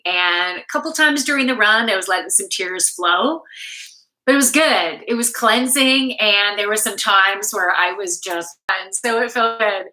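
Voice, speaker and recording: A woman's voice: medium pitch, bright, forceful tone, rough recording. A woman from Canada, a yoga instructor, chatting casually and candidly on a live stream from home, swearing freely and laughing often. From Canada, Toronto. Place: home room.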